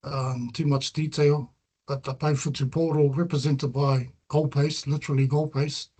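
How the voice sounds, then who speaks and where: Earnest New Zealand man, fairly high voice. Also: little pitch movement, moderate pace, mellow. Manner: earnest and reflective, weaving Māori terms into English. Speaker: researcher presenting his work. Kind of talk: presentation talk with slides.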